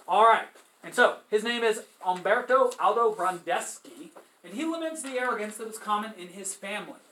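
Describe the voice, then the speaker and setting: A man teaching a literature class in a high, bright voice. He talks casually and puts rhetorical questions to his listeners. The echo of the room carries his voice around. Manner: conversational, asks students rhetorical questions. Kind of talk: literature lecture with read-aloud passages.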